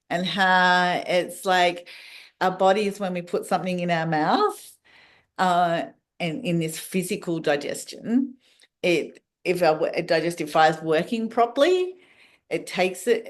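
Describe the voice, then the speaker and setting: Soft-spoken woman podcast guest. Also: fairly low pitch. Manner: meandering, restarts and fillers. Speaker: podcast guest, wellness practitioner. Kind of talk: casual interview talk.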